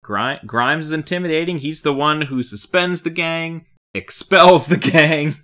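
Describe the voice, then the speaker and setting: A man's voice: fairly high pitch, measured pace. A man co-hosting a casual podcast about a film, talking in a wry, joking way. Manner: lively, wry, deadpan jokes. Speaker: podcast co-host.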